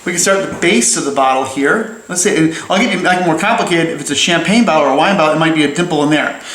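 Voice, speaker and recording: A man's voice: a little high, fast, a bit bright, roomy sound, rough recording. A man giving a casual, playful drawing lesson as he sketches, chatty and full of jokey asides. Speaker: drawing teacher.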